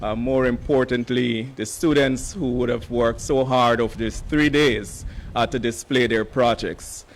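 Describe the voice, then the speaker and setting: Hoarse official at a podium, middle-pitched man, formal and measured, leaning on "uh" fillers. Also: steady tone, slight background noise. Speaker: education official giving remarks. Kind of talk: formal ceremony speech.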